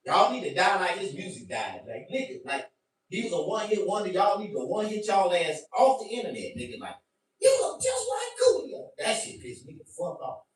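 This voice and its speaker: A man doing a profane stand-up rant to his stream, animated and bursting into shouts. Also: sits high, fairly quick. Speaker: comedian. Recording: very echoey room, mic at a distance.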